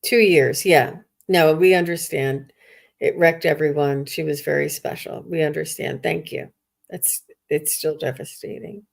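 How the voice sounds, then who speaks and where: A woman with a low, gravelly voice hosts a live psychic reading stream. She reads viewer questions aloud in a gentle, sympathetic tone, with a noticeable rasp running through her words. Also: fairly even intonation, unhurried. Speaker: host, psychic medium.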